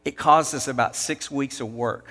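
In a space with long hall reverb, a man with a medium-pitched, fairly bright voice delivers a sermon at a moderate pace. He spins a folksy workplace yarn in everyday phrasing, acting out what people said.

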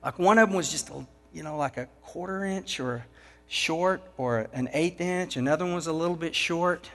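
The preacher here has a slightly high, fairly bright voice and speaks at a normal pace. His sermon features a homespun work anecdote told casually, with quoted lines performed, all echoing with long hall reverb.

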